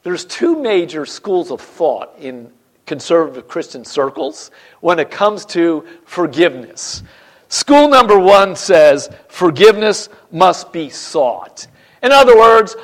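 A man preaching a Sunday sermon in church, emphatic and swinging between loud and quiet, often repeating phrases. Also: high-pitched, very animated, measured pace. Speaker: pastor.

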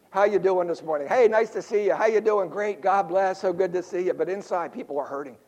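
A male pastor from South Philadelphia, preaching a sermon with jokes and stories and throwing quick asides to the congregation. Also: fairly high pitch. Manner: animated storyteller, quick asides to the crowd.

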